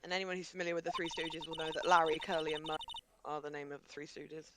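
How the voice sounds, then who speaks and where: A woman's voice: low voice, steady tone, fast, heavy background noise. A woman co-streaming a game, chatty and giggly in casual banter. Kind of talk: casual let's-play chat. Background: game music.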